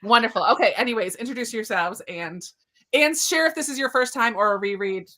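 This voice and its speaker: A woman's voice: a little high, a little fast, bright, forceful tone. A woman hosting a live book discussion over a video call, welcoming viewers in an eager, chatty way with plenty of fillers. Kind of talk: casual live-stream chat.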